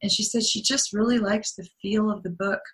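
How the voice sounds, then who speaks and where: Earnest woman author, bright voice. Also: medium pitch, steady tone, a little fast. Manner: earnest, explains at length, trailing restarts. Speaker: guest author. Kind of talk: casual interview chat.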